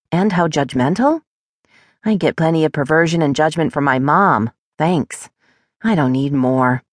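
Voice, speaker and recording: A woman reading a first-person audiobook in a wry, expressive way, recorded close to a studio mic. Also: sits low, no echo. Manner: wry, expressive, emotionally animated. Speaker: audiobook narrator.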